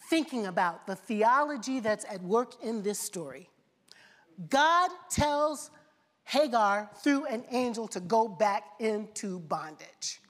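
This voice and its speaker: A woman preacher delivering a sermon in rhythmic, repeated phrases, asking the congregation questions. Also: medium pitch. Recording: long reverb of a large hall.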